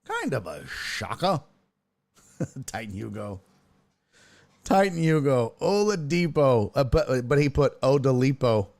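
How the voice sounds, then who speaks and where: A man's voice: medium pitch, slow pace, gravelly, long pauses. A man hosting a casual sports talk stream from a desk mic, reading viewer chat aloud, profane and joking. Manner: animated, profane, reads chat aloud and jokes. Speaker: sports talk show host.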